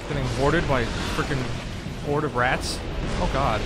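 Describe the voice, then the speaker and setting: A young man doing let's play commentary, excitable and sarcastic, trash-talking enemies and swearing. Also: on the high side, normal speed, music in the background. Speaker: gaming video host. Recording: noisy background.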